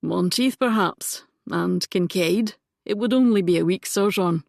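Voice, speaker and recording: A woman voicing a wry, understated young gentleman. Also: on the low side, measured pace, creaky, no echo, clean studio sound. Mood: hesitant.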